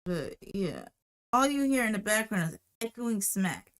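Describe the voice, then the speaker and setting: A woman's voice: mid-range voice, very animated, unhurried. A woman hosting a livestream, telling a casual, rambling story and repeating phrases for emphasis. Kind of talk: casual storytime while drawing.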